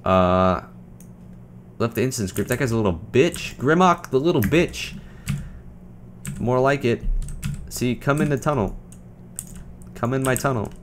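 A young man giving casual, joking commentary over a video game, trash-talking and breaking into loud shouts. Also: lowish voice, noisy background. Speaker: gaming commentator.

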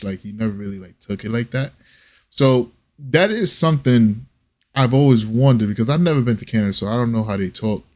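A man hosting a reaction video, talking in a casual, rambling way with lots of slang, swearing and stammered restarts. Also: mid-range voice.

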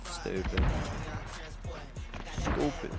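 A man giving casual gameplay commentary, exasperated and trash-talking. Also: drawn-out words. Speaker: gamer commenting on his own play. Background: loud game music and gunfire.

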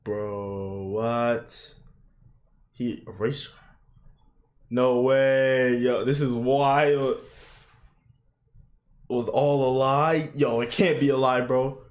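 A young man reacting to an anime episode in casual commentary, swearing a lot, shouting "yo" and "bro" and bursting into high laughing yelps. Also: extremely slow, pauses often. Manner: excitable, swearing, frequent "yo" and "bro" exclamations.

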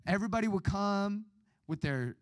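A young adult man preaching at a retreat, telling a personal story with animated delivery and acted-out quotes. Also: sits high, moderate pace, dry recording, low-quality recording. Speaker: youth retreat speaker. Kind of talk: sermon.

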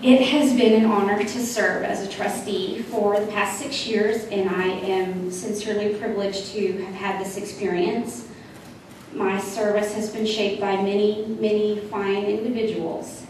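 A woman, a retiring school board trustee, reading her measured farewell speech from notes. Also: mid-range voice, a little mellow. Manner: measured, reading prepared remarks. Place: school board meeting room. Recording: echoey hall, mic from far off, noisy.

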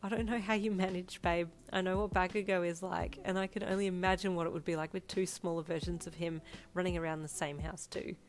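A woman's voice: on the low side, steady tone, brisk, lightly acted. Woman voicing a bubbly young mother. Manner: bubbly, affectionate. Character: cheerful young mother, the listener.

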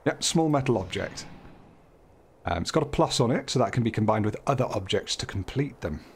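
A man's voice: medium pitch, lively intonation, fairly quick, slight background noise. A man hosting a casual let's play, chatting along and reading on-screen text aloud with light jokes. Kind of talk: casual gameplay commentary. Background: game music.

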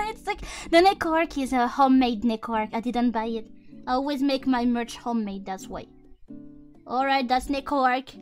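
Bubbly high-voiced female VTuber. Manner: giggly, exuberant and playfully crude. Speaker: VTuber streamer. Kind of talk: casual livestream chat with viewers.

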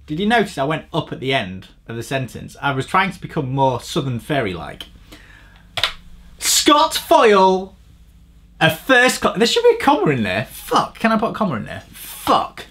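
A man reviewing a bike frame in a crude, rambling, sardonic way, swearing freely and shifting between mumbled asides and louder rants. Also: huge pitch swings, brisk, hardly any pauses. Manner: swearing, rambling, sardonic, pitch jumps up when ranting. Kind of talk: crude comedic tech review.

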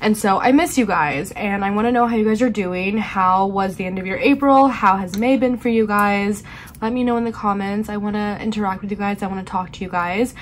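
A young woman with a stuffy, congested voice hosts a casual cash-stuffing vlog. She sits at a middle pitch and talks in a chatty way, counting bills aloud between fillers. A faint hum of room ambience sits behind her. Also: brisk. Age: young adult. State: congested from pollen. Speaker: budgeting channel host.

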